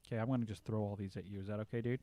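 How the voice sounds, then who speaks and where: A man's voice: lowish voice, steady tone, very fast, dark tone, a little hiss or hum. A man chatting casually on a live game stream, rambling with lots of fillers.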